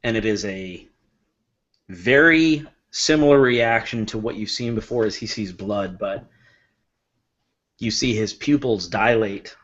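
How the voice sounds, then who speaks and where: Slow, dramatic male storyteller. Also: on the low side, a bit bright. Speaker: player. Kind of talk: narrating his character's actions. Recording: dull lo-fi.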